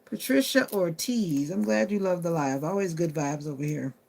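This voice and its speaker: A woman's voice: fairly low pitch, normal speed, vocal fry, darkish tone. A woman chatting casually on a live stream, answering viewer comments aloud and talking to her phone. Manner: talks to her phone assistant.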